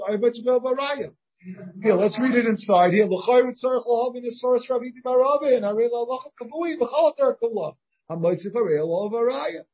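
A rabbi with a high-pitched, slightly rough voice teaches a casual Talmud study class, thinking aloud, restarting often, and putting questions to his students. The shared class recording, partly captured over a video call, has its highs cut off.

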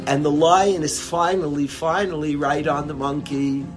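Rambling, lively male storyteller over music. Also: a little high, normal speed. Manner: lively, rambling, sprinkles in Yiddish words. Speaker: storyteller and speaker. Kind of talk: animated storytelling talk with a lesson.

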